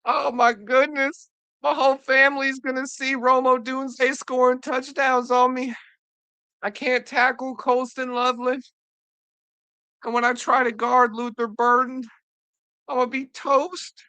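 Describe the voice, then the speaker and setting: Mock voice: a woman doing a high, whiny crying rookie, dry close sound. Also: a little slow, pushed and bright, clear, resonant tone, no echo. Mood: wailing. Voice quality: high, wailing whine. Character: whiny, sobbing young male football rookie.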